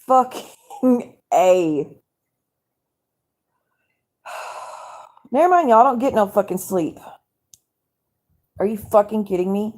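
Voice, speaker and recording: A woman rants angrily into her live stream at home at night, cursing freely and rambling from one complaint to the next. Her voice is dark and mellow, and she talks straight to her viewers in a casual way. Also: medium pitch, lively intonation, drawn-out words, long pauses. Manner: angry, profane, rambling rant to viewers. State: angry.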